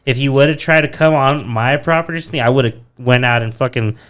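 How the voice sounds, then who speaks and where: A young man on a casual podcast, telling a story in an animated, profane way and acting out what people said. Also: mid-range voice, fast, clean tone.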